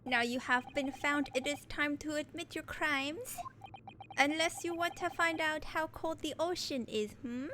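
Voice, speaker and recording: A woman's voice: high-pitched, unhurried, noisy background. A woman putting on a clumsy Russian cop. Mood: menacing. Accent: put-on Russian accent. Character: gruff Russian male police officer.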